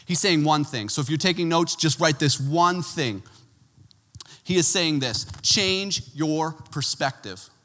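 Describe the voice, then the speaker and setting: A man's voice: on the high side, unhurried, in a large hall. A man preaching a sermon in a conversational way, telling stories with casual asides. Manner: conversational, animated storytelling with asides. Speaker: pastor.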